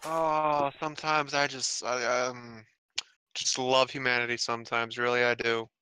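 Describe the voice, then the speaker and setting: A man's voice: mid-range voice, flat delivery, a little slow, sharp tone, clean tone, rough recording. A man co-hosting a comedy fanfiction reading, reacting with amused, chatty remarks. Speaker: co-host. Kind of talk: casual comedic commentary.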